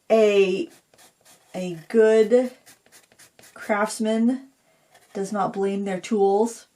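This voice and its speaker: A woman's voice: medium pitch, steady tone, drawn-out words, pauses often, warm tone. Middle-aged new lady doing a painting tutorial, rambly and self-deprecating, chatting to viewers while she paints.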